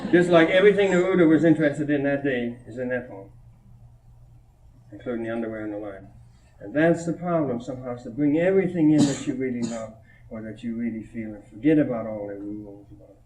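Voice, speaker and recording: A man's voice: mid-range voice, fast, a little mellow. Amused man talking in an echoey hall. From Minnesota. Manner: chatty and amused, laughing between anecdotes. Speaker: poet giving a reading. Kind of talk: informal talk at a poetry reading, retelling a child's stories. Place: college hall before an audience. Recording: roomy echo, distant mic, old reel-to-reel tape.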